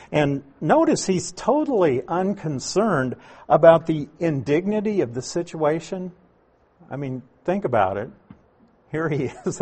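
A man's voice: fairly high pitch, a little mellow, slightly rough. A man preaching a conversational expository sermon, explaining Greek words with asides to the listeners. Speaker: pastor.

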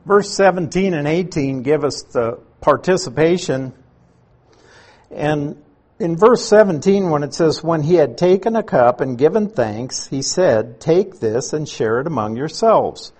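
A man preaching an expository sermon, explaining scripture in a slow, teaching manner. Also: on the high side, animated, darkish tone, slightly rough.

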